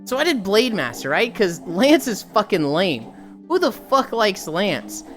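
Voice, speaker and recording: A woman's voice: mid-range voice, big pitch swings, unhurried, faint music behind. A woman quoting a nervous young male gamer who rants brashly and mockingly.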